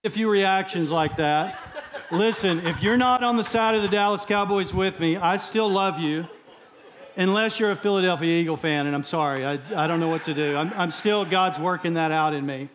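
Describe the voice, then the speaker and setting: A man's voice: high-pitched, moderate pace, fairly bright tone. A man from Texas, a guest speaker, preaching a sermon in a joking, conversational way in a church. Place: church sanctuary.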